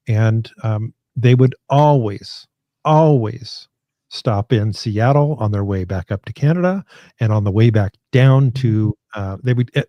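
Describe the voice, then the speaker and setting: A man co-hosting a casual political chat podcast, emphatic and quick to laugh. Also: lowish voice, no room sound, lo-fi sound. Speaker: podcast co-host.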